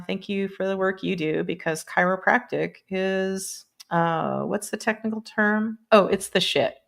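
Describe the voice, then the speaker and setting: A woman's voice: mid-range voice, gravelly. A woman hosting a casual live stream, rambling between topics, laughing often and swearing freely. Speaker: livestream host. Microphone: computer mic on a live stream.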